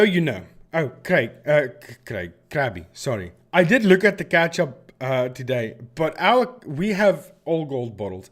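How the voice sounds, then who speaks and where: A man from Africa, hosting a casual live stream and telling long, meandering stories with frequent restarts. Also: a little high. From South Africa. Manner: rambling, digressive storyteller who often restarts sentences.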